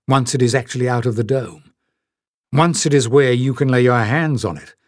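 A man's voice: mid-range voice, dry recording, studio quality. A man reading an audiobook and voicing an earnest, wary young male hero who speaks with urgency. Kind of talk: audiobook character voice.

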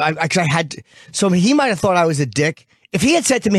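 Male radio host, blunt and profane, lively storyteller, close dry mic. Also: a little high, quick pace, dry recording. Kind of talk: casual radio banter. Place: radio studio.

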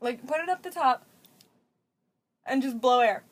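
A woman's voice: sits high, measured pace. A woman in casual chat who laughs often and teases her partner. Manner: giggly, laughs often, teasing.

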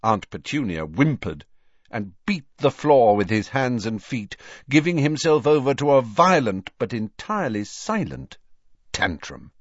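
A man reading an audiobook in an unhurried, expressive way, in a dry, slightly dull recording. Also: medium pitch, no echo. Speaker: audiobook narrator. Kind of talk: audiobook narration.

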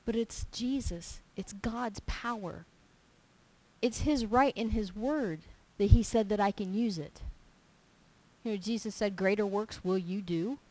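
A woman preaching in a relaxed, homey way, telling personal stories and repeating her points for emphasis. Her voice sits at a middle pitch. She acts out little exchanges as she talks. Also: a little slow, rough recording. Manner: animated storytelling, acting out little dialogues in her own voice; emphatic and repetitive. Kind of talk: informal sermon with personal stories.

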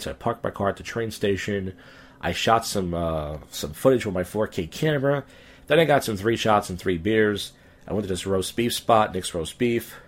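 Drunk husky-voiced man ranting. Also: lowish voice. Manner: profane, rambling storytelling, voice jumps up when ranting. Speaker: podcast host and stand-up comic. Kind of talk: casual rambling podcast monologue.

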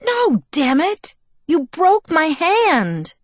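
A woman reading the lines of a furious teenage girl in an audiobook, with sharp, angry retorts. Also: fairly low pitch, measured pace, no room sound. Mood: shouting angry. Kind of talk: audiobook dialogue.

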